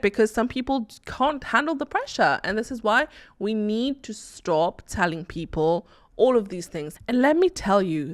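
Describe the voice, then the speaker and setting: A woman hosting her own talk show, speaking casually and emphatically, full of rhetorical questions and checks like "okay?" and "right?". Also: medium pitch. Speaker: host. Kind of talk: opinionated casual talk to camera.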